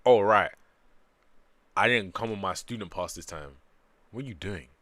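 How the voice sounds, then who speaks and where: Casual male streamer, low voice, animated commentary, dry sound. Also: moderate pace, no room sound. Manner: animated, jokey, breaks into loud excited bursts. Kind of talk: reading manga aloud with casual commentary.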